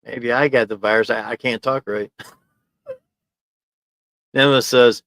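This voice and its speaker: In his small home office studio, a man hosts a relaxed livestream, rambling and chuckling as he reads viewer comments out loud. His mid-range, slightly bright voice holds a steady tone, a little slow with long pauses. Recorded on a desk mic, the sound is dry.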